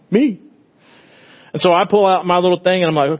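A middle-aged man, a pastor, preaching a conversational sermon, swinging between loud bursts and hushed tender moments. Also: high-pitched, fairly even intonation, normal speed, lo-fi sound.

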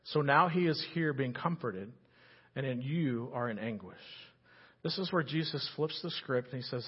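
A male pastor preaching an animated sermon, swinging between loud emphasis and hushed earnestness. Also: mid-range voice, normal speed, slightly rough, lo-fi sound.

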